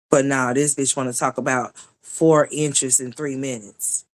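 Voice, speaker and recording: A woman's voice: very deep voice, no room sound. A woman hosting reaction commentary, blunt and profane, firing off rhetorical questions. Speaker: commentary channel host.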